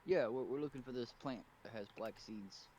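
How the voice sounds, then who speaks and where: A man's voice: mid-range voice, moderate pace, warm tone. A man playing a tabletop role-playing game, laid-back and chuckling. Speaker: player. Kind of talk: tabletop role-play, in character at times.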